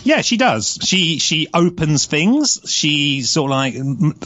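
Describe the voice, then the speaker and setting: A man from England with a mild London accent, a podcast guest chatting casually with deadpan, dry humour. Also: a little high, takes it slowly, dry recording. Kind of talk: casual chat. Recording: dull lo-fi sound.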